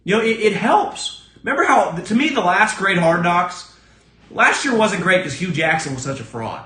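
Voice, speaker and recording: Alone on his sports podcast, this man rants with blunt, profane, emphatic opinions in a bright, forceful, sing-song voice at a moderate pace, recorded in a roomy space. When quoting others, he drops into a lower voice to act out their lines.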